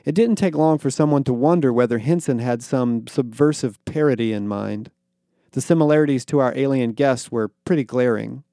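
A man narrating a story in a dry, wry manner, slipping into quick character voices for dialogue. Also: medium pitch, dark tone, no room sound. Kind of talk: audiobook-style fiction narration.

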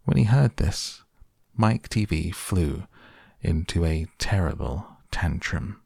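A male storyteller reading an audiobook in a measured, expressive way. His voice is very low and unhurried, with a gravelly, husky texture, recorded dry and close. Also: no echo. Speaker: narrator. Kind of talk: scripted audiobook narration.

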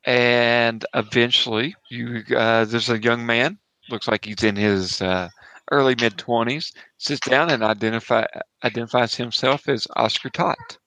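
A man's voice: mid-range voice, steady tone, a little slow, pushed and bright, no room sound, poor audio. A man narrating as game master of a tabletop game, playful and laughing often.

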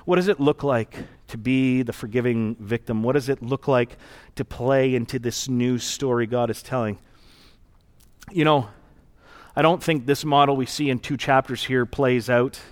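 A man's voice: mid-range voice, steady tone, a little slow. A man preaching a sermon as pastor, in an earnest, conversational and reflective storytelling manner.

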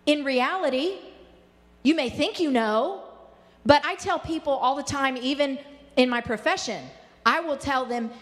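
A woman giving a faith-based teaching talk on relationships, animated, acting out angry inner voices and slowing down to stress key points. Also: high-pitched. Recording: long hall reverb.

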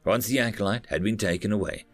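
A man narrating a story in a steady, expressive storytelling voice. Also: fairly low pitch, quick pace, dry recording, soft background music.

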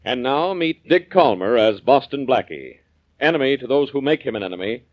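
A man announcing a radio drama with booming, dramatic delivery on a muffled old recording. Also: expressive, normal speed.

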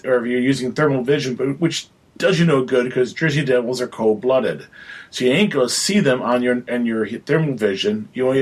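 A man on a podcast pitching a horror game scenario in casual, rambling chat with frequent restarts. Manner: rambling, many restarts, chatty.

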